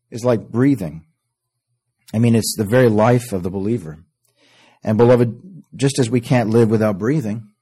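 Male preacher, warm, dark tone, earnest sermon delivery with loud swells and hushed drops. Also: lowish voice, breathy edge. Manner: earnest, repeats "beloved", swells on scripture then drops to near-whispers.

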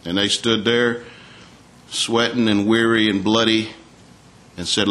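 A man's voice: on the low side, flat delivery, measured pace, fairly bright tone. Folksy preacher man. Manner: folksy, asks the congregation questions, reads scripture aloud. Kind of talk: sermon.

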